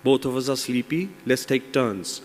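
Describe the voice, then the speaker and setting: A sly, cowardly man from a spoken fable wheedles and bargains, as a male storyteller puts him on. The voice sits at an ordinary middle pitch. A long reverb from a big hall trails every phrase. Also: moderate pace, a little hiss or hum, close to an everyday voice. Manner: wheedling, pleading.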